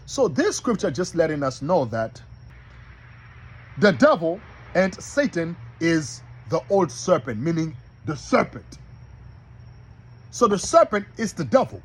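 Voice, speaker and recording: A man's voice: a little high, big pitch swings, measured pace, long pauses, slightly rough. A man preaching to an audience, emphatic and repetitive, addressing his listeners directly.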